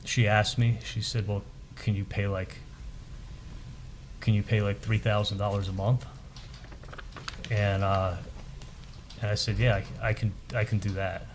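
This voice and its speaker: A man on the witness stand in a courtroom, retelling a conversation in halting speech that repeats words. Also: on the low side, flat delivery, background noise. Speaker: trial witness. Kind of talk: courtroom testimony.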